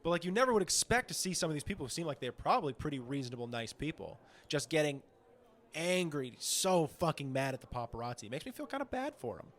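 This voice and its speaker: A man co-hosting a comedy podcast in casual, rambling chat, swearing often and acting out quotes in a high voice. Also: big pitch swings, quick pace. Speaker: podcast co-host.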